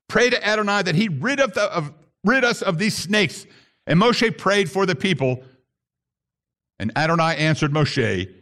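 With a high, slightly bright voice, a man delivers a sermon to his congregation. The pastor reads from scripture and performs the grumbling voices himself.

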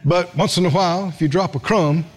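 A man's voice: sits high, brisk, breathy edge. A man preaching a sermon as pastor, folksy, calling on the congregation to respond.

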